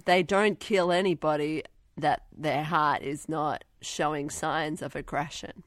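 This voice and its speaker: A woman's voice: sits low, fairly even intonation, measured pace, no room sound, clean studio sound. A woman co-hosting a casual movie review podcast, sarcastic and swearing, acting out characters in silly voices. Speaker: podcast co-host.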